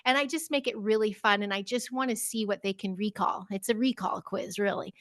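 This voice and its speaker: A middle-aged woman and teacher, chatting as a podcast guest, telling lively stories and acting out children's voices with frequent laughter. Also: medium pitch, brisk, no echo. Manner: animated storyteller, acts out children's voices, laughs often. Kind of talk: casual interview chat.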